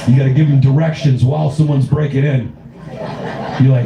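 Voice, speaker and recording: A man's voice: mid-range voice, steady tone, brisk, gravelly, long pauses, crowd noise. A man doing a stand-up comedy set, riffing profanely and laughing through his own jokes. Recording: roomy club with live audience.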